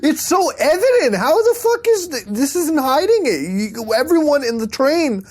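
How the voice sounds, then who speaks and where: A man hosting an online video, giving excitable, profane commentary while browsing websites and laughing often. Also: extremely high pitch, moderate pace.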